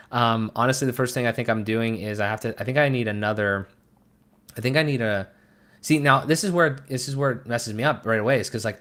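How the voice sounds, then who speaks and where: Young male streamer with a lowish voice, muttering and rambling nervously as he works. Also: a bit bright. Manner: rambling, self-deprecating, flustered muttering. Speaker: web design streamer. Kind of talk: live-stream commentary while working.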